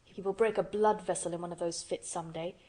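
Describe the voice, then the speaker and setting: A woman's voice: on the low side, fairly even intonation, brisk, dark tone, close to an everyday voice. Woman reader doing a tetchy doctor, short and curt. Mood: irritable. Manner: curt, irritable. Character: irritable, weary country doctor, man.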